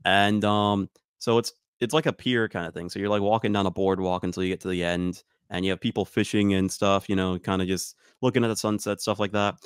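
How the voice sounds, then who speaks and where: A young man co-hosting a casual comedy podcast tells a story in a laid-back, self-correcting way. His voice sits low. The sound is dry and close to the mic. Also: steady tone, brisk, few pauses, smooth, no room sound. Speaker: podcast co-host.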